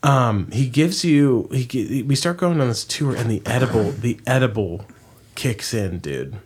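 A young man spins a long, wandering story in a relaxed chat, his voice at an ordinary middle pitch. He keeps breaking off and restarting his sentences and swears without a second thought. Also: a little slow, breathy edge.

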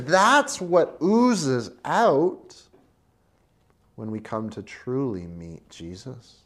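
A preacher delivering a passionate sermon, swinging from hushed, intimate lines to loud, emphatic ones, and addressing listeners as friends. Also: medium pitch, very animated, very slow.

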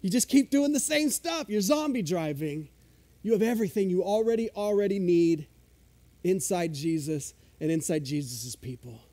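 A male pastor with a fairly high, mellow voice delivers a sermon in a relaxed, chatty way. He pokes fun at himself and gets eager when he explains the Greek words behind a verse. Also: moderate pace. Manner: conversational, self-deprecating, explains Greek words with excitement.

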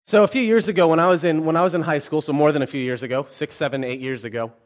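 A man's voice: on the high side, fairly even intonation, racing. A man in his twenties, a pastor, giving a sermon with personal stories told with humor. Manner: storytelling, self-deprecating humor.

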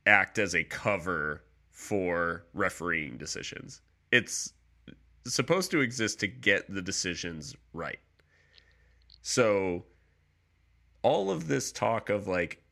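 A man co-hosting a casual sports chat, laying out his view in a measured way. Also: low-pitched, sing-song, vocal fry, bright, forceful tone. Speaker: podcast co-host.

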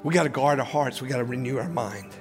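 A man in his sixties, a pastor, preaching a sermon and telling a personal story with big swings between loud urgency and hushed lows. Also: quick pace, faint music behind.

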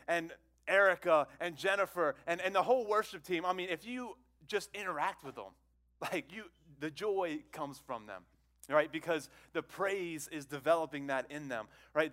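Man pastor with a slightly higher voice, preaching a casual, call-and-response sermon. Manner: conversational, repeats words, asks the congregation questions; swings from loud exclamations to hushed low phrases.

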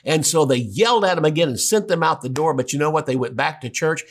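A man preaching a sermon in an animated way, acting out voices in his retelling. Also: a little high, quick pace. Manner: animated, acts out quoted dialogue.

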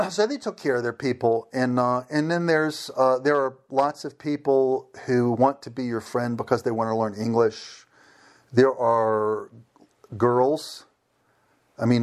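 A middle-aged man, a former missionary, telling stories in an interview in a lively way and acting out the people he quotes. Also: medium pitch. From United States. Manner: animated, acts out quoted voices. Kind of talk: conversational interview storytelling.

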